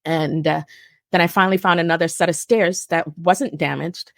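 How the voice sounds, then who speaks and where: A woman in her forties, a guest telling a personal story in a halting way with restarts and self-corrections. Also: lowish voice, steady tone, vocal fry, dry recording, clean studio sound. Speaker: guest survivor.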